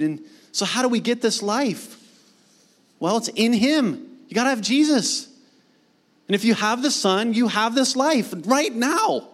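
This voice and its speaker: High-voiced man preaching with casual energy. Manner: casual, animated preaching with slang and acted asides. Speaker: pastor. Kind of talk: sermon.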